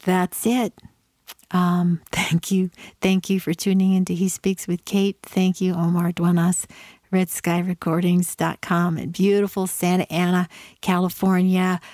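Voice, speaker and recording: A middle-aged woman hosting a faith-based podcast, giving earnest, conversational advice with reflective pauses. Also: lowish voice, level tone, darkish tone, no room sound, clean studio sound. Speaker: podcast host.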